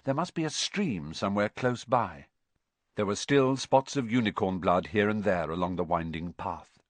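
Expressive male audiobook narrator. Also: lowish voice, normal speed, no echo. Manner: expressive, dramatic reading. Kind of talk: scripted storybook narration.

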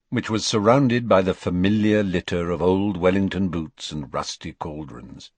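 A male audiobook narrator with a low, husky voice that rises and falls in a lively way. He tells the story in a measured, expressive manner, and the recording is close and dry. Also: dry recording. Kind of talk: scripted narration.

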